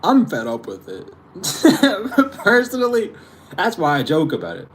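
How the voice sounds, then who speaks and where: A man's voice: a little high, huge pitch swings, unhurried, slight background noise. A young man hosting his channel, ranting casually with exasperation, frequent swearing and laughter. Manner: exasperated, profane, laughing often. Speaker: spiritual channel host.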